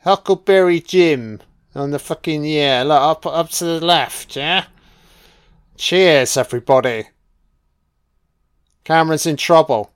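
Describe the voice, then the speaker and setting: A man delivers a profane running commentary on a film. He mocks each scene with slow, deadpan sarcasm. His voice is slightly high and comes across clear and smooth. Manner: sarcastic and sweary, mocking the film as it plays.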